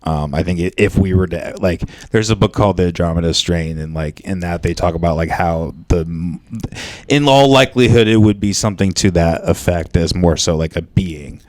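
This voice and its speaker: A man with a very low voice talks loosely in a casual podcast chat, circling his point with filler words and hedges. The sound is dry and close, with no room around it. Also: moderate pace, a little mellow, dry recording. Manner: rambling, hedging with lots of "like". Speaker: podcast co-host.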